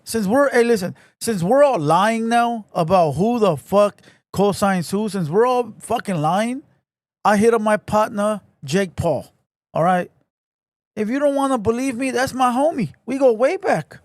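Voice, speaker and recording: A podcast host runs a casual livestream, hyping up his crew with shout-outs in rough, profane street slang. His voice is high for a man, and the sound is close and dry with no echo or room around it.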